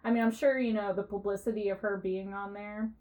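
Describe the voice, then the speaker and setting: A young woman co-hosting a podcast, telling a story in a casual, animated way, full of "like" and laughter. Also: medium pitch, brisk. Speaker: podcast co-host. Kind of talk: casual chat.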